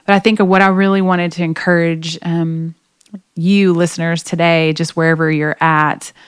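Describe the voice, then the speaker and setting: A woman with a low, smooth voice tells a personal story in an earnest, emotional way, with plenty of fillers. She is a podcast guest, speaking close to the mic in a dry room. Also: little pitch movement, normal speed, no room sound. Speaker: guest, singer. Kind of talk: conversational faith podcast storytelling.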